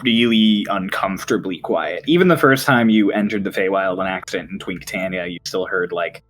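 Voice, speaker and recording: A man running a tabletop game as game master, setting scenes in a hushed, unhurried way. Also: sits low, faint music behind.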